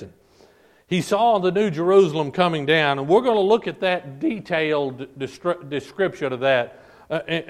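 Man, preacher, sermon, fairly high voice, emphatic, repetitive, drawn-out stressed words. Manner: addresses congregation as "folk". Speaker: pastor. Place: church service.

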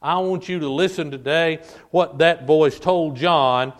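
Man, preacher, sermon, fairly high voice, emphatic, repetitive, drawn-out stressed words. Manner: addresses congregation as "folk". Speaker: pastor. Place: church service.

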